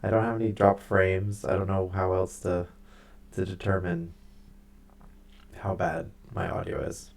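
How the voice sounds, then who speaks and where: A man streaming live, chatting with his viewers and then reading a book aloud, halting now and then and stumbling over hard names. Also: low voice, little pitch movement, gravelly, a little mellow, slight background noise.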